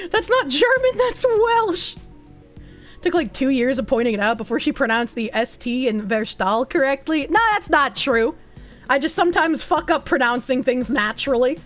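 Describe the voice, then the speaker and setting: A woman's voice: high voice, a bit bright, faint music behind. A young adult woman with a Boston accent, chatting casually as a streamer, playful and profane, reading out viewer comments. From United States. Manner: playful and profane, quick asides and laughs.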